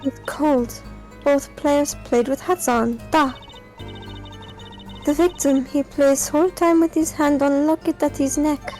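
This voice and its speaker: A woman voicing a gruff waitress in a put-on Russian accent, speaking flatly and dropping articles. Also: high-pitched, a little slow, soft background music. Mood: storytelling. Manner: deadpan, drops articles.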